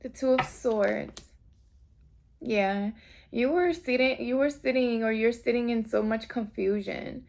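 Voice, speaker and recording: A woman with a gravelly, fry-edged voice sits fairly high in pitch as she reads tarot for her viewers. Her delivery is rambling and heartfelt, addressed straight to the listener in a casual, chatty flow. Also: measured pace, a little mellow. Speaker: tarot reader.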